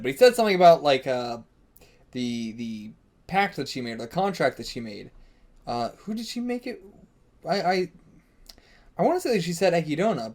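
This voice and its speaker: A man hosting a live manga reading reaction. He talks in an excitable, rambling way and swears a lot. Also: medium pitch.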